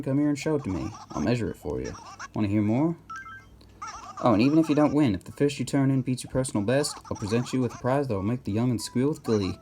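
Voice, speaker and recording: A man's voice: medium pitch, dark tone, a little hiss or hum, close to an everyday voice. A man voicing an old male tortoise mayor in a video game, folksy and boastful, with a put-on Southern US accent. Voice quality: drawling put-on voice.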